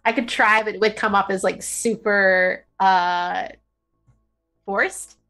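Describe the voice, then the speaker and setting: A woman player in casual tabletop chat who speaks haltingly, often searching for words. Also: mid-range voice, steady tone, pushed and bright, soft background music.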